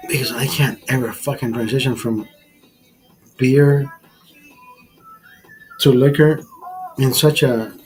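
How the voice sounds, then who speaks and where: A man's voice: mid-range voice, fairly even intonation, takes it slowly, pauses often, soft background music, rough recording. A man hosting a casual drinking livestream, tipsy, talking in a rambling, profane way and restarting his words. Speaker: livestream host.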